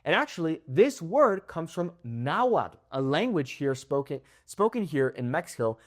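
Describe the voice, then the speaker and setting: A young man from the United States teaching a Spanish language lesson to camera from his home in Mexico. He sounds upbeat and slows down carefully whenever he models a word. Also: on the high side, big pitch swings.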